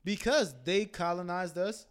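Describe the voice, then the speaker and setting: A man's voice: high-pitched, a little slow. A man in casual chat, telling rowdy, profane stories and acting out other people's lines. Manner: loud, profane storytelling with put-on voices.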